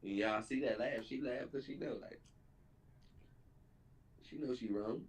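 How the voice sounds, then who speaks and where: A man hosting a reaction video, heckling and ranting in a profane, animated way. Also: mid-range voice, a little slow. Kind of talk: loud comedic reaction rant. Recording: distant mic with faint background noise.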